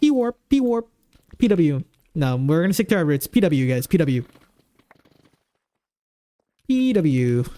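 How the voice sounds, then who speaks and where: A man's voice: fairly high pitch, big pitch swings, unhurried, long pauses, dark tone, dry recording. A man streaming a game live, chatting casually and rambling while he answers viewers' questions at a desk microphone.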